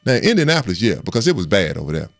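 A man, a former running back and co-host on a sports radio talk show, telling animated stories and acting out quotes loudly. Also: lowish voice, rapid-fire, gravelly.

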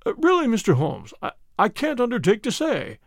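A man's voice: wildly swooping pitch, moderate pace, no echo, studio quality, exaggerated voice. A man voicing a flustered, fussy college tutor. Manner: flustered, high-pitched pleading.

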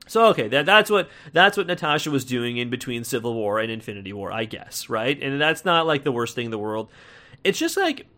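A man's voice: medium pitch, big pitch swings, fairly quick, pushed and bright. Rambling American man reviewing a film. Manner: rambling, chatty, frequent fillers and restarts, wry laughs. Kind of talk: casual film review talk.

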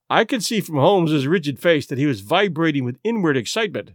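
A man narrating a detective story in an expressive, dramatic reading. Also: on the high side, fairly quick, few pauses, no echo, clean studio sound. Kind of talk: audiobook narration.

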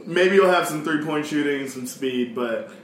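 A man's voice: a little high, normal speed. Easygoing man co-host, echoey room. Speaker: podcast co-host. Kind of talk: casual chat. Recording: echoey room, faint noise.

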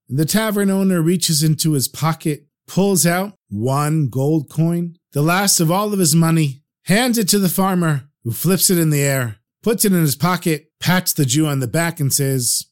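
Male storyteller, slightly high voice, lively pitch; narrates and performs the character dialogue himself. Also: normal speed, few pauses. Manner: animated, shifts pitch for each character.

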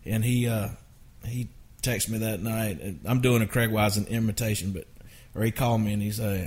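A middle-aged man, a songwriter telling rambling, animated anecdotes in a casual interview. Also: on the low side, normal speed. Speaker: songwriter guest.

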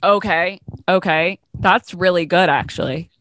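A woman's voice: fairly low pitch, measured pace, a bit bright. A woman co-hosting a podcast, bantering casually and acting out quoted lines. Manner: bantering, acts out quoted voices. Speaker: podcast co-host.

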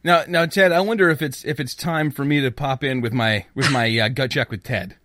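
A man's voice: mid-range voice, fairly quick, a bit bright, dry recording, studio quality. A man co-hosting a comedy podcast, playfully rambling and building on running gags. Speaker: podcast co-host. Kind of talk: improvised comedy banter.

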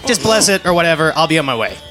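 A man doing a loud, rude little goblin. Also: a little high, big pitch swings, racing, over music. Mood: impatient. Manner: loud, dismissive, slangy. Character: brash impatient male goblin, small and rude.

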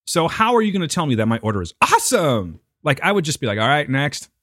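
Give me a chatty male co-host with a swooping, animated delivery. He jokes around and mimics other people's voices with a sardonic edge. The sound is dry and close to the mic. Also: on the high side, quick pace, breathy edge, no echo. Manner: animated, puts on voices in mocking impressions. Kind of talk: casual banter.

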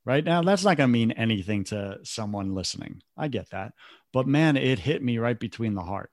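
A man's voice: medium pitch, lively intonation, moderate pace, a little mellow, no room sound, clean studio sound. A man talking earnestly in short reflective phrases in a casual podcast conversation, as a business coach.

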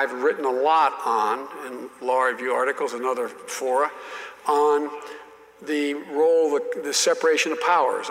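A man's voice: mid-range voice, fairly bright tone. Older man telling stories in a hall. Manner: halting, many restarts, emphatic. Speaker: storyteller, former senator. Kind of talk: anecdotal talk.

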